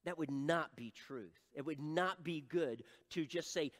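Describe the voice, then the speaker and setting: A middle-aged male pastor preaching an animated sermon, acting out voices and adding self-deprecating asides. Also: fairly high pitch, a little slow, few pauses, big-room sound.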